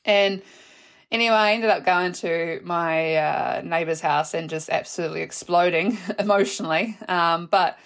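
A young adult woman, hosting her own podcast and telling a personal story in a chatty, animated way, laughing and swearing casually. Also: fairly low pitch, moderate pace. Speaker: podcast host.

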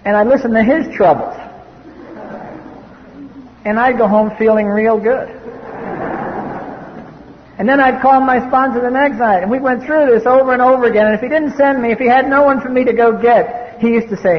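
A man's voice: very high voice, steady tone, moderate pace, long pauses, slight background noise. A man from the US East Coast giving a personal testimony talk at a recovery meeting, blunt and wry. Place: meeting hall. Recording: dull old cassette tape in a reverberant hall.

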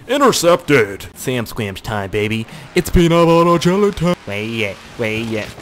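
A young man giving excitable let's play commentary into a desk mic. His pitch is very lively and keeps jumping into high yelps between quick, swearing remarks. Faint noise runs under the voice. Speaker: gaming channel host.

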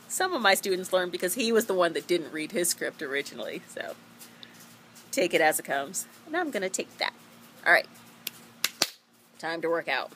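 Woman theatre teacher, casual diary vlog, rambling and chatty, lowish bright voice. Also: very animated, normal speed, pauses often, slight background noise. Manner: chatty, rambling, laughs often. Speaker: high school theatre teacher.

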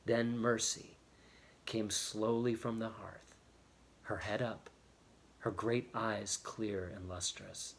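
A man reading a novel chapter aloud in a steady, expressive storytelling manner. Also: fairly low pitch, slow, gravelly, slight background noise. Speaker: audiobook reader.

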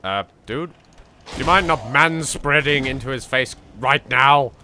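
A young English man commenting on his own gameplay with theatrical jokes, dropping to hushed asides and bursting into loud yelps. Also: medium pitch, a little slow, a little hiss or hum. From England. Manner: theatrical, jokey, swings between hushed asides and loud outbursts. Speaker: let's play host. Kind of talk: game commentary.

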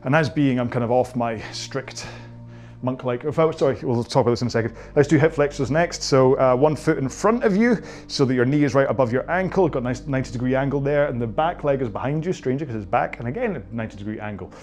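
A man's voice: mid-range voice, animated, fast, darkish tone, faint music behind. Chatty Scottish man coaching stretches. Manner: chatty, joking and self-mocking. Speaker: indoor rowing coach. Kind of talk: guided stretching class, casual chat.

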